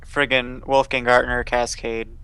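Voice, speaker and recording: Man, smooth clear voice, casual podcast chat, animated, laughs a lot. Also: medium pitch, measured pace, no room sound. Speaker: podcast co-host.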